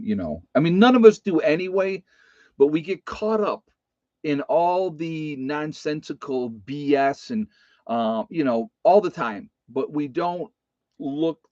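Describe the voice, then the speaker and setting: A man's voice: mid-range voice, a little mellow, no echo. Male homesteader, rambling storyteller who keeps addressing his viewers, dry and slightly muffled home recording. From United States. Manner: rambling, repeats phrases, addresses folks directly. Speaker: homestead channel host. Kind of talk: casual personal storytelling to viewers.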